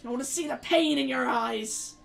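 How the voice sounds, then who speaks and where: A woman's voice: high voice, moderate pace, vocal fry, far from the mic, pitched above the performer's own voice. Woman putting on a shrieking vengeful hag. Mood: taunting rage. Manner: shrieking, spiteful taunting. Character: haggard horned female hag, vengeful and cruel.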